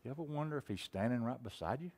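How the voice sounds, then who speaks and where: A man preaching a sermon, telling a story in a folksy way and asking the congregation many questions, swinging between loud and hushed delivery. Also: medium pitch, expressive, quick pace, slightly rough. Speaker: pastor.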